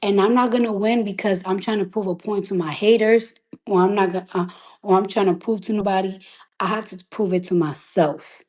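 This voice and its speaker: A woman's voice: medium pitch, fairly even intonation, a little fast, darkish tone, rough recording. A woman, giving a defiant, emphatic and profane monologue. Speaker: rapper. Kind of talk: impassioned monologue.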